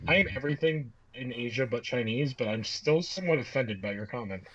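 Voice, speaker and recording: A man's voice: mid-range voice, a little fast, fairly bright tone. Man, podcast co-host, teasing and sarcastic, dull lo-fi mic, faint hiss. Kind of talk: casual chat.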